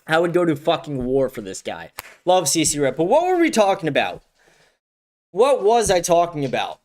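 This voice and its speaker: A man's voice: a little high, big pitch swings, normal speed. A man hosting a livestream, chatting casually in a loose, profane, rambling way and laughing often. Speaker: livestream host.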